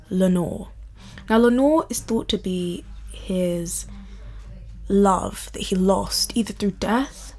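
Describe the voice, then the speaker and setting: A woman talks casually and eagerly about poems she loves, drifting off on tangents as she goes. Her pitch sits in an ordinary middle range for a woman, and her speech is chatty and unscripted. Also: darkish tone. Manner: enthusiastic and rambling. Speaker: vlogger. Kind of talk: casual chat about poetry.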